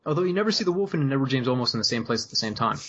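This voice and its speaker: A man co-hosting a comedy podcast, reading movie quotes and comments in a dry, deadpan way. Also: mid-range voice, rapid-fire, lo-fi sound, heavy background noise. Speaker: podcast co-host. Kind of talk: casual comedic chat, reading quotes aloud.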